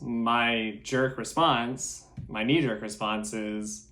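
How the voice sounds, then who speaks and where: A man hosting a solo podcast, talking earnestly and nervously in a halting, self-deprecating way. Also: medium pitch, bright, forceful tone. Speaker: podcast host.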